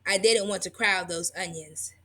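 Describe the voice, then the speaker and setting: A woman reading a tall-tale children's book aloud in an expressive, lively storytelling manner. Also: lowish voice, moderate pace. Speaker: reader.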